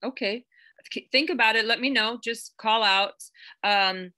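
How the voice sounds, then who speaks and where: Bright-voiced woman agent running an online class, earnest, lots of um and uh, gets a bit emotional. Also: a little high, a little slow. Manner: earnest, chatty, many fillers and restarts; gets emotional, close to tears. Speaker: real estate agent teaching a class.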